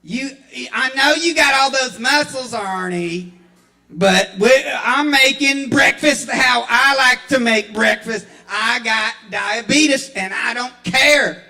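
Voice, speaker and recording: A man's voice: very high-pitched, takes it slowly, bright, forceful tone, pitched above the performer's own voice, exaggerated voice. A man doing a sassy old Southern lady cook. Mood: defiant. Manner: defiant, sassy. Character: sassy older Southern woman cook, stubborn.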